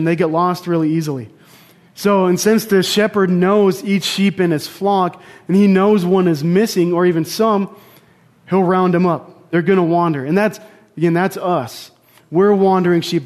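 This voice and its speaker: His high, slightly mellow voice carries a casual sermon. The young preacher talks conversationally and shares personal stories, with asides and restarts along the way.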